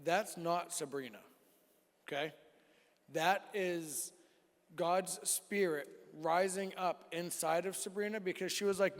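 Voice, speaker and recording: A man in his forties giving an animated sermon testimony to a youth group in a church hall, acting out the dialogue as he tells it. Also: high voice, takes it slowly. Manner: animated storytelling, acts out dialogue. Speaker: youth speaker. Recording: long reverb of a church hall.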